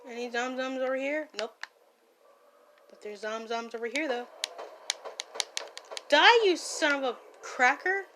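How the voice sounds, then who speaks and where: A woman voicing a brash, hot-tempered young gang-boss man in a listener role-play while gaming, scolding and yelling. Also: high voice, measured pace, pauses often, background noise. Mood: annoyed gaming. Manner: loud, scolding, easily startled, playful yelling. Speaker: fan voice actor.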